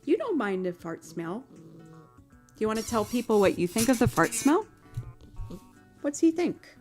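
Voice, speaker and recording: With soft music in the background, this woman musician streams live from home at a measured pace in a slightly high voice. She tells stories animatedly with plenty of laughter, then grows soft and cooing as she speaks to her pet.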